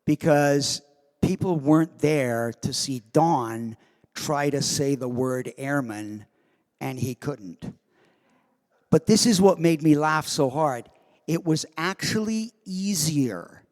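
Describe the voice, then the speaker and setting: Convention guest actor, slow and fairly high-voiced, amused storyteller, long hall reverb. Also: male voice. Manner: animated, self-amused storytelling. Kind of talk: anecdote on a convention stage.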